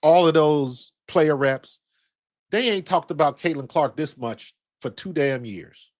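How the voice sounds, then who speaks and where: A man's voice: on the high side, measured pace. A man in his fifties, raised in Ohio, giving casual basketball commentary in a blunt, slangy, rambling way with some profanity. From Ohio, USA. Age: 50s. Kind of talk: casual commentary with personal storytelling.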